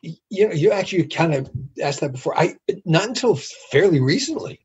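A middle-aged man, guest on an interview show, telling anecdotes in a casual, animated way. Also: fairly high pitch, brisk, slightly rough, dull audio. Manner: animated anecdotes with acted quotes.

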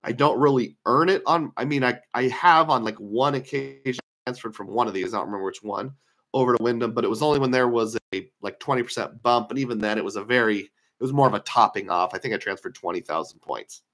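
Guy doing a chatty points lecture over screen share, opinionated, kinda losing his voice, medium pitch. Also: quick pace, a bit bright. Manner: conversational, opinionated, thinking aloud with fillers. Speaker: credit card points educator.

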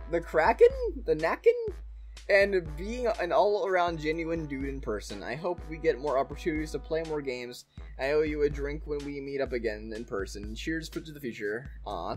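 A man in his twenties opening fan mail on his channel, expressive, laughing often and swinging from excited squeals to soft, touched tones. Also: on the high side. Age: 20s. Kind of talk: casual fan-mail reading.

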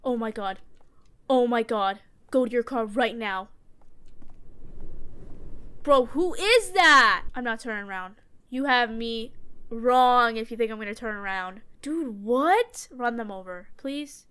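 A woman's voice: fairly high pitch, unhurried, smooth. A young woman playing a horror game on her channel, talking to herself in a jittery, panicky way. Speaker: gaming YouTuber. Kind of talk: horror game let's play commentary.

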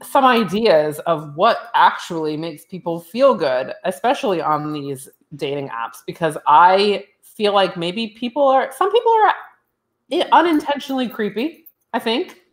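A woman's voice: mid-range voice, expressive, a little slow. A young adult woman co-hosting a podcast in casual chat over a remote call, frank and chatty, laughing easily and swearing now and then. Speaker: podcast co-host.

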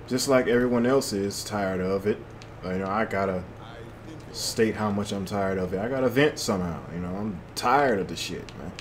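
A young man who hosts a gaming channel mutters loose, slangy commentary to himself while playing a shooter. His voice is fairly low and moderately paced, with a faint hiss or hum in the background.

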